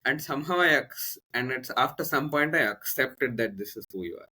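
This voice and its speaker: A man with an Indian English accent tells a personal story on a podcast. His voice is bright and forward in tone. He rambles and backtracks, with plenty of fillers and restarts. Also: mid-range voice, expressive, fairly quick, husky. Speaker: podcast guest, coach. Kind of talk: casual conversational storytelling.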